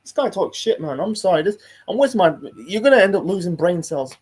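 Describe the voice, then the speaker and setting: Male streamer host, high husky voice, rambling, heated, sweary reaction rant. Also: lively intonation, a little fast, a little mellow. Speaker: host reacting to a football video. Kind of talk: casual live-stream rant.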